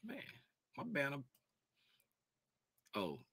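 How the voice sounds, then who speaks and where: A man's voice: medium pitch, wildly swooping pitch, slow, pushed and bright, no echo. A man in a casual livestream, talking loosely to his viewers about trading, easily sidetracked. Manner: loose, distractible, talks straight to chat. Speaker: trading educator.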